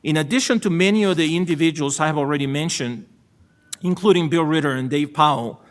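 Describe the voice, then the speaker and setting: A middle-aged Salvadoran man with a Salvadoran Spanish accent and a fairly high-pitched voice delivers a formal acceptance speech at the ceremony marking his appointment to a state supreme court. He comes across as measured and gracious, with dry, self-deprecating humor.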